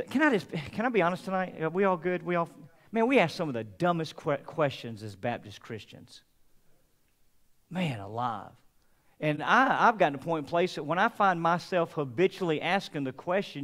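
A middle-aged man preaching a sermon as pastor, earnest and confessional, dropping to a hush then rising loud. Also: on the high side. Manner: earnest, confessional, swings between hushed and loud. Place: church sanctuary.

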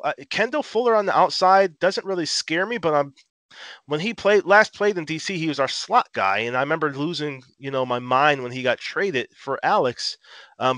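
A man co-hosting a casual sports podcast, an animated, profane fan who rants. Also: mid-range voice, no room sound. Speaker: podcast co-host.

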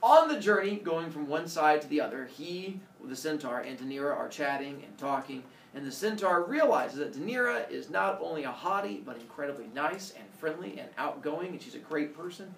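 Brief: male teacher, gravelly, lively storyteller, roomy classroom, heard from across the room. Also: fairly high pitch, moderate pace, hardly any pauses, slight background noise. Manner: animated, playful, asks the class questions. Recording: echoey classroom from far off.

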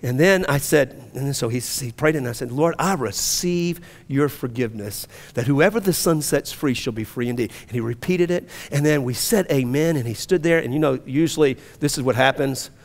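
A male pastor telling a story from the pulpit that builds into loud, passionate preaching. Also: mid-range voice, normal speed, few pauses. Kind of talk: sermon. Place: church sanctuary. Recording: long reverb of a church hall.

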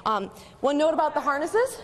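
A woman host speaks breathlessly, bubbly and quick to laugh. Her voice sits high and swings around a lot. The sound is echoey, with a long hall reverb and faint background noise. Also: very animated. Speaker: morning show host. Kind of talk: casual live segment while exercising. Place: fitness studio.

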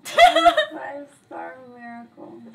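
A woman's voice: high voice, lively intonation, unhurried, a crowd in the background. A woman playing a clingy, heartbroken young passenger in a comedy sketch, whining and pleading. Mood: melodramatic. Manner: melodramatic, swinging between whining and pleading. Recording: noisy sketch audio.

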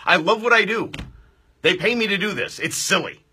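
A man hosting a live outdoor radio show, excitable and loud, joking and bantering with his studio crew. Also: sits high, moderate pace, slightly rough.

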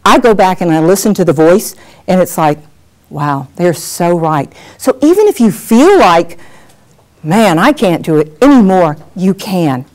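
Lively woman coaching on-camera skills. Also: lowish voice, moderate pace. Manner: lively, animated, acts out examples. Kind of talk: workshop lesson.

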